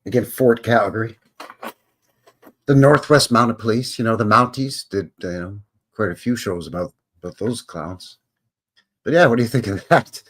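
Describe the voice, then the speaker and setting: A man's voice: on the low side, moderate pace. A man hosting a casual livestream from a room at home, chatting in a rambling way and interrupting himself. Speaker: channel host. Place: home room with windows open.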